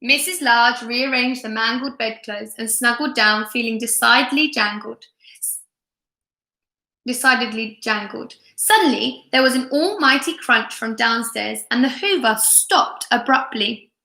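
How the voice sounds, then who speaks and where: A woman reading a storybook aloud to young children in an expressive manner, chatting with her viewers between lines. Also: a little high, unhurried, hardly any pauses. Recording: echoey room.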